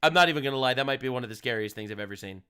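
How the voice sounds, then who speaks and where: A man's voice: medium pitch, rapid-fire, sharp tone, clear, resonant tone. A man streaming commentary over video clips, crude, heated and sarcastic in his delivery.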